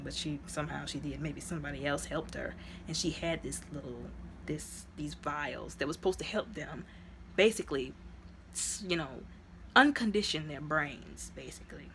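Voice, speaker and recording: A woman with a lowish voice rambles her way through a movie recap, piling up "like" and "you know" as she goes. Her retelling is chatty and animated, and her voice suddenly leaps into high exclaiming tones. The faint noise behind her is barely noticeable. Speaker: movie reviewer.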